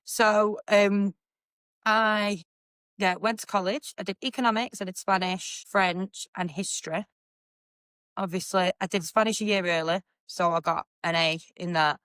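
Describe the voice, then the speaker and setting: A young woman with a Mancunian accent chats straight into a dry, close mic as host of her own podcast. Her voice sits at an ordinary middle pitch. She talks in a loose, blunt way and swears without a second thought. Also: fairly even intonation, a little slow, a bit bright, smooth, no echo. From Manchester, England. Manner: chatty and blunt, swears freely. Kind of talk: casual chat.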